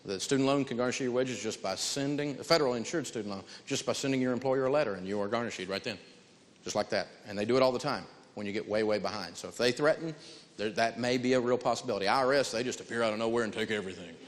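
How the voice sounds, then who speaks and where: A man giving an animated, emphatic live talk on stage in a large hall, telling stories as he goes. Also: medium pitch, fast talker. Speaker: financial speaker. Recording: long hall reverb.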